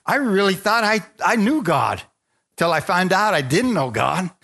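A man's voice: high voice, sing-song, unhurried, vocal fry, sharp tone. A middle-aged man preaching, telling his own story and acting out the voices, calling on the crowd for amens. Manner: storytelling, acts out dialogue, asks the crowd for amens. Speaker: preacher giving testimony. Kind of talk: sermon testimony.

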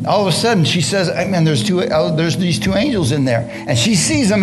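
A man's voice: high-pitched, lively intonation, fairly quick, few pauses, music in the background. A man preaching a sermon, reading scripture then breaking into casual, slangy asides and questions to the congregation.

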